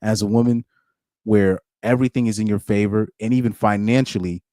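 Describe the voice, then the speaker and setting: Male channel host, low mellow voice, opinionated live commentary, keeps repeating his points, dry close sound. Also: fairly even intonation, fairly quick, no echo. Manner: opinionated, repeats phrases for emphasis. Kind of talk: casual live reaction commentary.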